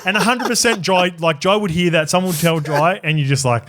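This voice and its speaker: A middle-aged man with an Australian accent chats about footy on a podcast. He is easygoing and agreeable, cuts in with quick asides, and laughs often. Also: on the high side, a crowd in the background. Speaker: podcast co-host, former rugby league player. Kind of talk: casual sports podcast chat.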